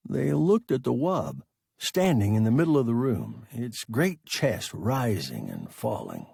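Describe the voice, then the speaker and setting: A man reading a science fiction story aloud as narrator, slow and deliberate. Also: mid-range voice, wildly swooping pitch, creaky, a little mellow, slightly rough, no room sound, studio quality. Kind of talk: audiobook narration.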